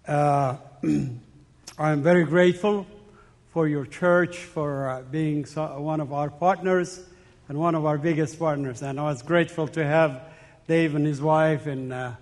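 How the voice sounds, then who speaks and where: A guest preacher from the Middle East, a man with a fairly high voice, speaking earnestly to a congregation. He mixes personal stories with urgent calls to prayer. His voice rings with the long reverb of a big church hall. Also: fairly even intonation, measured pace. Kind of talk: sermon with anecdotes. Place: church sanctuary.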